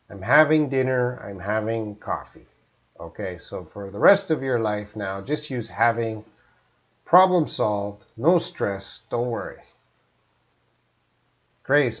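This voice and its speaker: A man's voice: mid-range voice, lo-fi sound. A man from Canada teaching English in a live stream, reading out viewer questions and answering them plainly.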